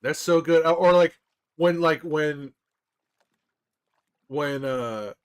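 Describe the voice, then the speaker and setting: A man livestreaming casually to his viewers, rambling excitedly with frequent restarts and laughs. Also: fairly high pitch, slow pace, clear, resonant tone. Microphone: desktop microphone.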